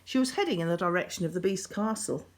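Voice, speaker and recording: Expressive woman reading a children's story. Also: on the low side, fast. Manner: expressive, playful.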